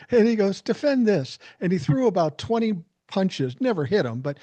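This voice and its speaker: A man co-hosting a casual podcast, telling animated stories and swearing freely. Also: high-pitched, normal speed, no room sound. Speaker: podcast co-host. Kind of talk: casual storytelling chat.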